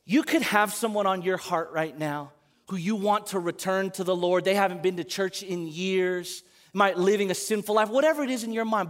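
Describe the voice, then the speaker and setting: A man preaching a sermon to a congregation, animated, moving between loud emphatic calls and quiet asides. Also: sits high, moderate pace. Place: church service in front of a congregation.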